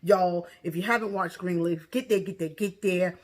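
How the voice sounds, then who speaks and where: A woman with a slightly low voice recaps a TV drama episode in a casual, outspoken way. She is animated and breaks into loud exclamations as she talks straight to her viewers. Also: moderate pace. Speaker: TV show recap vlogger.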